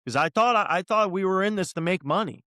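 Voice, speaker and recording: Fired-up high-voiced male podcaster. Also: lively intonation, quick pace, sharp tone, no echo, studio quality. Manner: worked up, ranting, swears often. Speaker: podcast co-host. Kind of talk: heated casual podcast discussion.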